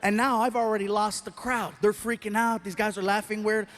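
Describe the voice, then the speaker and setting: A male stand-up comedian telling an animated story on stage and acting out the people in it. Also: high voice, a little fast. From Mexican-American. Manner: animated, acts out voices.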